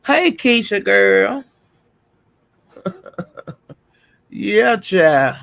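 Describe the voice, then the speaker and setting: Gravelly gossipy livestream host, a man. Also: high-pitched, sing-song, extremely slow, a bit bright, no room sound. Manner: gossipy, greets viewers in chat, calls them honey and child. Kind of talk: casual livestream chat. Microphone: streaming setup.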